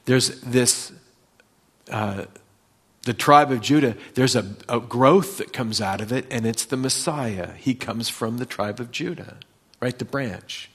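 A man's voice: mid-range voice, unhurried, breathy edge. Preacher man building to emphatic peaks. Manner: builds to emphatic, louder peaks on key phrases; reads scripture aloud with rising emphasis. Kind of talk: expository sermon.

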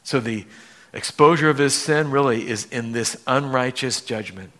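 A man preaching a sermon as a pastor, expressive and easily moved, acting out scenes in different voices. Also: mid-range voice, normal speed. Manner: expressive, acts out dialogue in voices; moved to emotion while preaching.

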